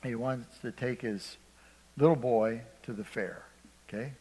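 A man's voice: mid-range voice, steady tone, a little slow, warm tone, breathy edge. Preacher man in a reverberant hall. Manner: storytelling, acts out voices, asks congregation for response. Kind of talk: sermon.

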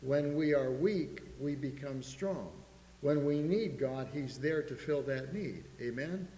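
A man's voice: fairly high pitch, takes it slowly, warm tone. Preacher man in an echoey hall. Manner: earnest preaching, reads scripture aloud. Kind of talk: sermon. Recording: echoey hall with faint hum.

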